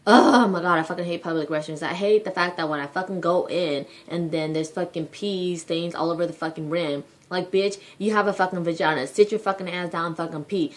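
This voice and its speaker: A woman's voice: lowish voice, brisk, fairly bright tone, a little hiss or hum. A young woman ranting to her viewers in a vlog, swearing constantly and leaning on filler words, sounding exasperated. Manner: profane, exasperated, heavy use of filler words. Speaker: vlogger. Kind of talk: casual rant to camera.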